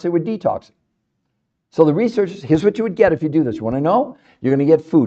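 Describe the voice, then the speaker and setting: Male podcast host, fired-up and emphatic, mellow darker tone, slightly dull lo-fi recording. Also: on the high side, rapid-fire. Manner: animated, emphatic, fond of rhetorical questions. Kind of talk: impassioned health talk to an audience.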